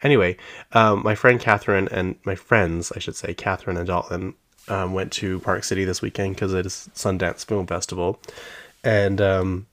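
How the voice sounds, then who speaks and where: A man with a very low voice hosts a solo podcast from his home podcast room. He tells stories in an easygoing, wandering way, full of fillers and asides, and laughs often as he goes. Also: flat delivery, moderate pace, a bit bright. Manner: rambling, drifts off topic with many fillers; chatty storyteller who laughs often. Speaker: podcast host. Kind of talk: casual solo podcast chat.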